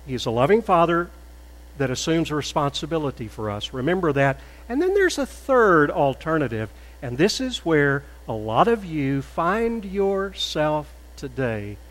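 A man preaching a sermon as a pastor, measured and deliberate, rising to loud emphatic peaks. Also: a little high, very animated. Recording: echoey hall with faint mains hum.

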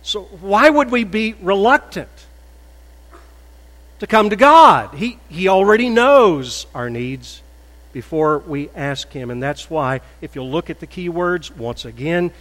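A man preaching in a slow, unhurried cadence, his slightly high voice carrying through a reverberant sanctuary. He builds from quiet reasoning to forceful emphasis on key points. A faint electrical hum sits under the recording. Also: lively intonation. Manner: measured preaching that builds to loud emphatic peaks. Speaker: pastor. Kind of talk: sermon. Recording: echoey hall with faint mains hum.

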